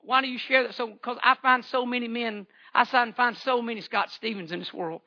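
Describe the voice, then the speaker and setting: A man's voice: extremely high pitch, fairly even intonation, brisk, pushed and bright, dull audio. A man, giving a fervent church testimony with repeated phrases and stammering restarts. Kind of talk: impassioned testimony sermon.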